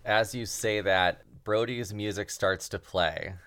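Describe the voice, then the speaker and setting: Low-voiced man running a tabletop game. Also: slow, smooth. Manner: relaxed, joking narration. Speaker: game master.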